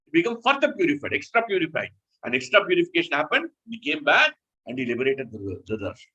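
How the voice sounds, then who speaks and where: A man preaching in a scripture lecture, emphatic and animated, often stopping to correct himself. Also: on the high side, fast talker, husky, muffled recording.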